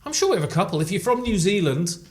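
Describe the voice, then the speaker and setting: A British man co-hosting a comedy podcast, chatting in a playful, animated way while trying to get his point across. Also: sits high, fast. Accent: British English. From Britain. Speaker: podcast co-host. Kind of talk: casual comedic chat.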